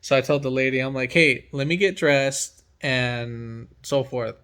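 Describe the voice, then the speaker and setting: A man's voice: mid-range voice, a little slow, fairly bright tone, clean tone. A man who works as a mechanic from home, telling a story in casual chat and acting out his own reactions with energy.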